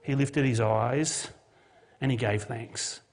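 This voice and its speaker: A man's voice: mid-range voice, slow pace. A man, a pastor preaching a sermon and telling a Bible story with jokey modern asides. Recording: long hall reverb.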